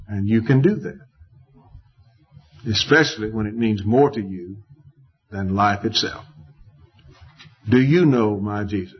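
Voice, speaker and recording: Husky-voiced preacher, emphatic, lo-fi. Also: male voice. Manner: emphatic, pitch jumps up to stress points. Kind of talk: sermon. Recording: dull lo-fi recording.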